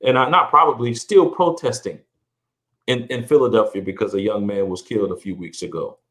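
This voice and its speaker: His voice is on the low side, a bit bright, and fairly quick as this middle-aged man speaks sincerely as a podcast guest. The conversation is reflective; he often stumbles into repeats and restarts, and his pitch rises to underline key points.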